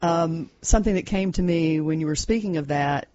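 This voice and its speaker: A middle-aged woman hosting a community radio interview, encouraging her guest with short affirmations and gentle follow-ups. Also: low-pitched, normal speed. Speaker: host. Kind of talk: casual radio interview chat. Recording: dull lo-fi radio recording.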